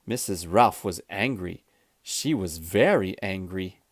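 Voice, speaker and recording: A man reading a children's storybook aloud, clear, expressive and deliberate. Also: low voice, no echo, clean studio sound. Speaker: storybook reader.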